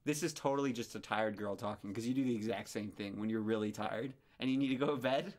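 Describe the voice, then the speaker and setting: A man co-hosting a reaction video, chatting casually and teasing with loud music behind him. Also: fairly low pitch, quick pace. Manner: joking, teasing, relaxed. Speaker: reaction channel co-host. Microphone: desk USB mic.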